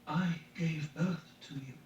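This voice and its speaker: A man voicing a gentle, grieving mother who speaks softly to calm her son in a read-aloud story. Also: on the high side, slow, voice pushed up. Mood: soothing. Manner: soft, soothing delivery. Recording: echoey, distant, dull lo-fi, faint hiss.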